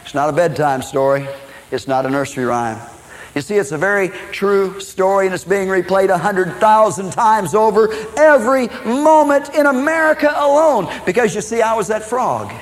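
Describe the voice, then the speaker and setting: A man from Minnesota preaching a sermon as personal testimony, swinging between loud declarations and low confiding tones. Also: moderate pace, poor audio.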